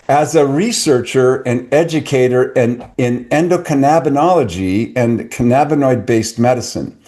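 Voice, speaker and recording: A man's voice: mid-range voice, darkish tone. A middle-aged man hosting a podcast, chatting casually with an eager, salesy enthusiasm. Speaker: podcast host. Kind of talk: casual online talk.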